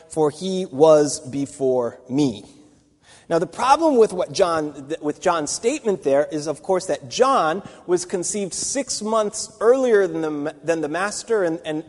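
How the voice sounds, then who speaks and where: A man's voice: sits high, darkish tone, in a large hall. A man giving a Bible teaching, talking it through conversationally with restarts and asides. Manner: conversational, thinking aloud with fillers and restarts.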